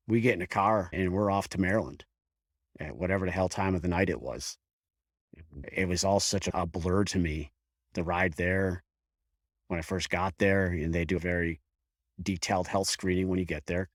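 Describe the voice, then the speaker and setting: Deep-voiced firefighter telling his story. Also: no room sound, studio quality. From Buffalo area, US. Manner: halting and frank, restarts, mild swearing. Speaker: guest, career firefighter. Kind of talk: candid personal storytelling in an interview.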